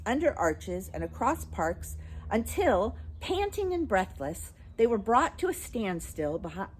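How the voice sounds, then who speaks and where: A woman reading a children's book aloud, in an expressive storytelling way. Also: mid-range voice, a little hiss or hum. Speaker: storybook reader.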